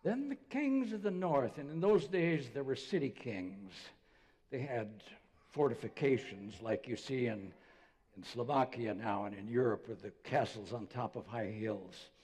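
An older man, a pastor, preaching a conversational sermon and dropping to a soft voice when quoting others. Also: mid-range voice, lively intonation, measured pace, slightly rough. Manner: conversational storytelling preacher, drops to soft voice for quotes. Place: church sanctuary. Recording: long church reverb.

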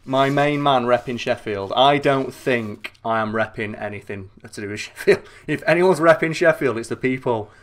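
A man giving excitable, sweary, joking commentary while playing a video game. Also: medium pitch, moderate pace, few pauses. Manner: excitable, sweary, jokey asides. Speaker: gaming channel host. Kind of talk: let's play commentary.

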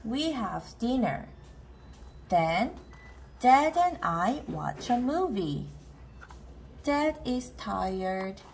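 A woman reading a children's book aloud, slowly and carefully, with lots of expression. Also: on the high side, very animated, vocal fry, a little hiss or hum. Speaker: storybook reader.

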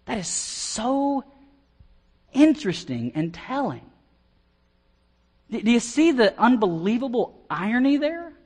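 An American man preaching an expository sermon as pastor, animated and often repeating words as he starts a phrase. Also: very high voice, a little slow, long pauses, slightly rough. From United States.

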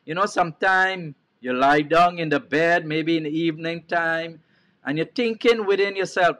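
A man's voice: a little high, normal speed, a bit bright. A man with a Trinidadian accent preaching a televised sermon as a bishop, repeating key phrases and putting questions to his listeners.

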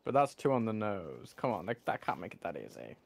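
A man's voice: on the low side, very animated, fairly quick, vocal fry, slightly rough. A man commentating casually over his game, thinking aloud, rambling, and swearing freely. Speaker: gamer.

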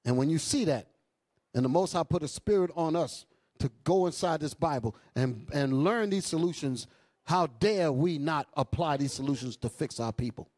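A male bishop preaching a sermon with impassioned bursts and low asides, calling out to the congregation. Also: lively intonation, normal speed, a little mellow, no echo. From New York. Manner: calls out to the congregation. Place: church hall.

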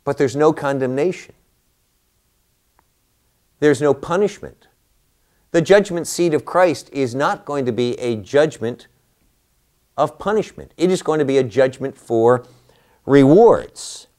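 Lively, slow-paced male Bible teacher. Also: mid-range voice. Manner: animated, rhetorical questions to listeners.

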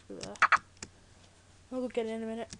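A British teenage girl chatting loosely over her gameplay in a fairly high voice, cracking jokes and drifting off on tangents. Her words sit over loud, constant keyboard clatter picked up by a computer microphone. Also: steady tone, brisk, gravelly. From Britain. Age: teens. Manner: chatty, jokey, rambling asides. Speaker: Let's Play gamer. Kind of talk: casual game commentary. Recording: loud keyboard typing noise. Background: loud keyboard clicks and typing.

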